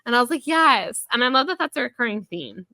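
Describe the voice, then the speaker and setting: A woman hosting a podcast, chatting casually about a book, full of fillers and quick voiced quotes from the characters. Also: a little high, very animated, bright, forceful tone, no echo. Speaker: podcast host. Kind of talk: casual book review chat.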